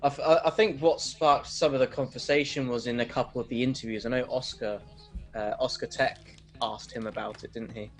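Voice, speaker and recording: A man co-hosting a relaxed online chat at an ordinary, middle pitch. He rambles and restarts his sentences often. His voice comes through a video-call mic. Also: brisk, soft background music, low-quality recording. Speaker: co-host. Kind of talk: casual chat.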